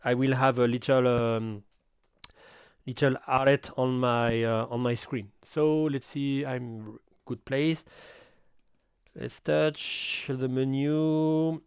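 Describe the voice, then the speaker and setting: A middle-aged man with a French accent walks through an audio recorder tutorial in halting, self-correcting English. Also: mid-range voice, clear, resonant tone, no echo, clean studio sound. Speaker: audio gear reviewer. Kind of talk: hands-on equipment tutorial.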